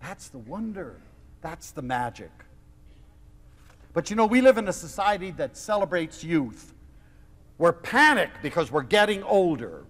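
A man lecturing to an audience, his voice swooping high and low as he acts out a personal tale. His delivery is theatrical and expressive, and his pitch sits on the high side. Long reverb from the lecture hall trails every phrase. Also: a little slow, pauses often. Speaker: lecturer on love.

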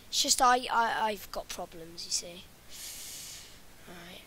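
A woman's voice: lowish voice, slow, bright, forceful tone, slight background noise. A woman talking over her gameplay in a rambling way, often dropping into whispers. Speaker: gaming channel host. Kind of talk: gameplay commentary.

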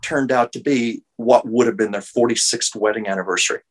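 A man's voice: medium pitch, steady tone, a little fast, rough recording. A man, an artist and medium, telling an emotional story earnestly as an interview guest over a video call.

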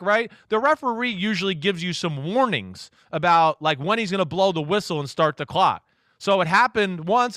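A man who is a football analyst, a guest in a casual interview, telling stories in an animated way and acting out what others said. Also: sits high, clean tone, no echo, clean studio sound. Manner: animated storyteller, acts out quotes.

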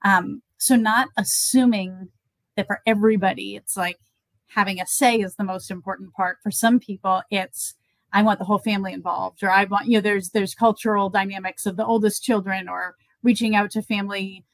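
A woman speaking as an interview guest, thoughtful and conversational, working through everyday examples. Her voice sits at a middle pitch and sounds close and dry, with hardly any room around it. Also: steady tone, a little fast, no room sound, rough recording. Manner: thoughtful, example-driven, many fillers. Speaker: guest expert on end-of-life conversations.

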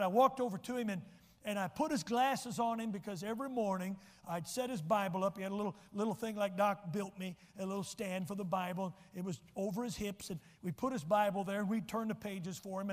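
A man's voice: high voice, long reverb tail. A man preaching a sermon as pastor, telling personal stories and building to emphatic lines. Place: church sanctuary.

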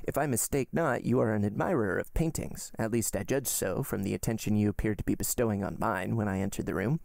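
A man reading aloud, voicing a greedy middle-aged banker who talks in an eager, flattering, obsequious way. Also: lowish voice, fairly quick, vocal fry, no room sound, studio quality. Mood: fawning. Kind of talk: audiobook reading.

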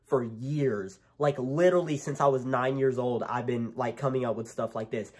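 A sick, congested young man in his late teens vlogging at home with a handheld camera, talking extra loud and rambling with many fillers. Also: mid-range voice, expressive, normal speed, slightly rough. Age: young adult. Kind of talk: casual vlog. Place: home, indoors.

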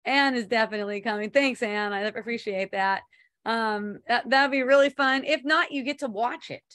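A woman gives an online spiritual talk, rambling loosely, laughing often, swearing casually and reading viewer comments aloud. Her voice is a little high and a bit bright, at a moderate pace.

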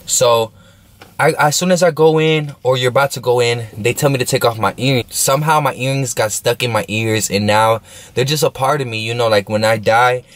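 A young man telling a story in a casual vlog, slangy and rambling, often asking if you know what he's saying. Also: medium pitch. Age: young adult. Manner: laid-back, smoking while talking.

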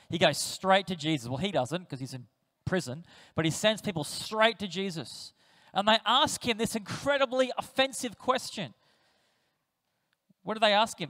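Aussie pastor guy preaching, high-ish voice, acts out bible characters, big echoey church. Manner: animated storytelling, acts out quoted voices. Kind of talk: sermon. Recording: reverberant church hall.

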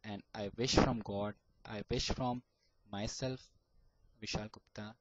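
Earnest Indian man giving slow advice. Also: fairly low pitch, steady tone, lo-fi sound. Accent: Indian English. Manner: earnest, repetitive, demonstrates words slowly syllable by syllable. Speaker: vlogger giving advice on stammering. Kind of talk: casual advice talk to camera.

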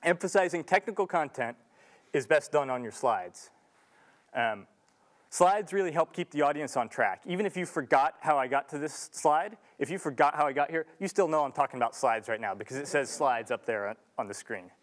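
A man's voice: on the high side, animated, fairly quick. A young man giving an earnest, casual talk to an audience in a large lecture room, with restarts and filler ums. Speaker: student speaker.

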